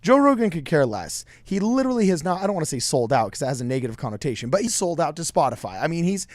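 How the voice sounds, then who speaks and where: A man co-hosting a casual political chat over a call, animated and argumentative. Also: on the high side, fast talker, no echo. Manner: animated, argumentative, laughs while talking. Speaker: podcast co-host.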